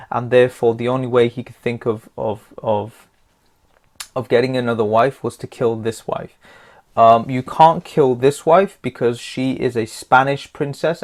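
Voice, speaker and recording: A man runs a casual video lesson for test takers. His voice sits at a middle pitch, and he talks in a loose, jokey way, stumbling over repeated words and ums. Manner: chatty, jokey, repeats words, many fillers. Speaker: test-prep tutor.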